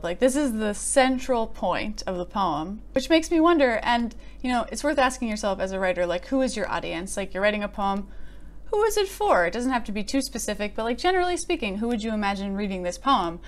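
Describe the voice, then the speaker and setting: A woman's voice: medium pitch, big pitch swings, fairly quick. Chatty woman critiquing poetry. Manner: chatty, frequent "like" fillers, amused. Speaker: poet and video host.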